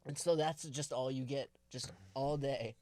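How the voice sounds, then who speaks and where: A man's voice: mid-range voice, steady tone, measured pace, a little mellow, no echo. A man co-hosting a podcast in casual chat, hesitant and laughing easily. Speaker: podcast co-host.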